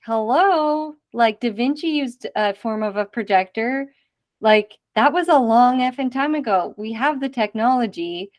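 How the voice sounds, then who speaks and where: A woman in her thirties hosting a casual podcast interview, chatty and quick to act out conversations she has had. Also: fairly high pitch, animated. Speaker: podcast host.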